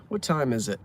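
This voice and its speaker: A man chatting casually and reading out corny jokes, poking fun at himself and tripping over words. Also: mid-range voice. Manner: chatty, self-mocking, stumbles over words. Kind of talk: casual chat from a parked car. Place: inside a car.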